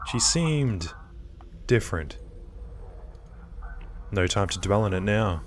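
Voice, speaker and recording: A man reading a horror visual novel aloud, breaking off for excited reactions. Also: deep voice, a little slow, a little hiss or hum. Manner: reads game text, breaks off with excited reactions. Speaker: gaming video creator.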